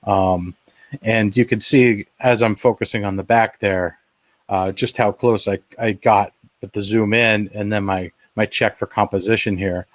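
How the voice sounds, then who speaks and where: Lower-pitched man explaining gear. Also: no echo. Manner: enthusiastic, explanatory, frequent fillers and restarts. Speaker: webinar presenter. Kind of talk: casual live demo commentary. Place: at home.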